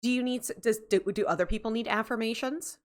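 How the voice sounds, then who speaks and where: A woman's voice: a little high, quick pace. A woman streaming a game, chatting casually with her viewers, rambling and interrupting herself, sleepy and yawning. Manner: rambling, self-interrupting, chatty with chat readers, laughs often. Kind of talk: casual livestream chat.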